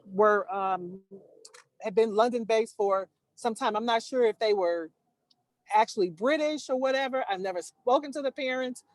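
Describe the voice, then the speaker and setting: A woman telling a personal story over a video call, earnest and halting, restarting her sentences. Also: a little high, a little mellow, no room sound. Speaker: caller sharing a story.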